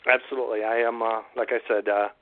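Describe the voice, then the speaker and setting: Low-voiced radio host on tinny audio. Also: male voice, flat delivery, quick pace. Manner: rambling, many fillers. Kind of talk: casual radio chat.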